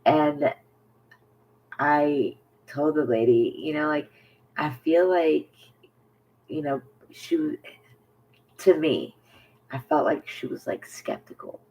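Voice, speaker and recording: A woman's voice: low-pitched, big pitch swings, takes it slowly, long pauses, darkish tone, slightly rough, poor audio. A woman talking candidly to camera in a casual personal vlog, rambling with many fillers. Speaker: vlogger.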